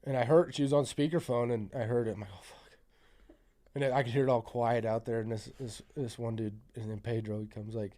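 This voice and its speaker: A man's voice: medium pitch, fast talker, hardly any pauses. Man, casual podcast storyteller; rambling, profane, many fillers. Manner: gets loud and excited at the climax.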